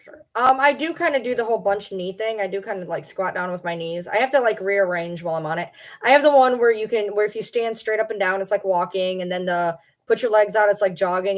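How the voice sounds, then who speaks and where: Young woman, casual stream chat, rambling, self-deprecating jokes, at home. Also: mid-range voice. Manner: rambling, joking about herself.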